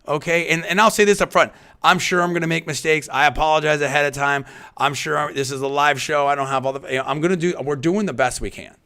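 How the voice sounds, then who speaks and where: Bright-voiced male talk radio host. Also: on the high side, steady tone, fast, clear, resonant tone. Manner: rambling, with frequent restarts and hedges; emphatic, punching key phrases louder. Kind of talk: live talk radio monologue.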